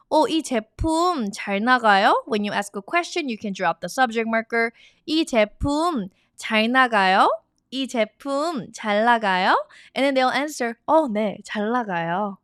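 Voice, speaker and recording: A woman's voice: medium pitch, fairly bright tone, dry recording, clean studio sound. A woman teaching a lesson online, upbeat and chatty, repeating each new word for learners to say along. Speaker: Korean language teacher.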